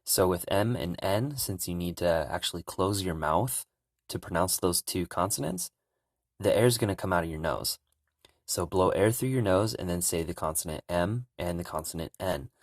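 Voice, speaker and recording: Low-voiced man teaching pronunciation. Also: dry recording, clean studio sound. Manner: relaxed, repeats sounds slowly and loudly to demonstrate. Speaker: language teacher. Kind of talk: casual spoken lesson.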